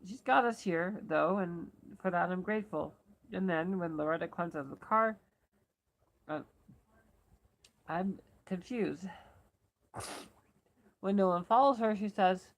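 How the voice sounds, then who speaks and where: Woman reader, first-person novel, low gravelly voice, self-corrects as she goes. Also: measured pace, long pauses, low-quality recording. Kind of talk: reading a novel aloud for elocution practice.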